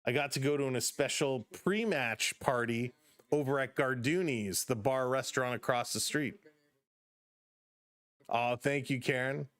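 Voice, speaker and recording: A middle-aged man from Canada calls a baseball game live for his stream, reading viewer comments aloud between pitches. His voice sits at an ordinary middle pitch and sounds close and dry. The recording has almost no room sound. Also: measured pace, fairly bright tone, dry recording. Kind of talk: live play-by-play with chat reactions.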